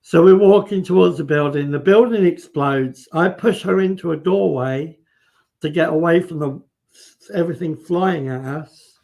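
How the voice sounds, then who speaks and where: A man's voice: on the high side, moderate pace, gravelly, darkish tone. A man, a guest on a live stream, vividly retelling events in casual storytelling, acting out what people said and restarting his sentences.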